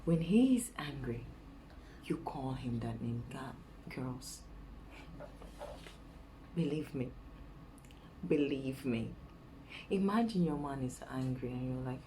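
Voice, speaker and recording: Slow, low-voiced Nigerian woman giving dating advice. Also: expressive, background noise. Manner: chatty, drops to soft coaxing voice when acting out sweet talk. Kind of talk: casual advice vlog.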